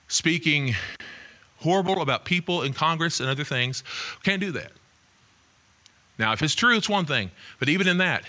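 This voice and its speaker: Animated, bright-voiced male preacher. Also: on the high side. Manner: animated preaching, swinging between loud emphasis and quiet asides. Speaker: pastor. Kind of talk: sermon.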